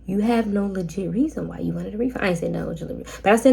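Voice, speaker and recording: A young woman hosting a casual storytime vlog about her rental guests, talking in a sassy, animated way with slangy asides to the viewer. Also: mid-range voice, very fast, gravelly. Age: young adult. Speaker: short-term rental host.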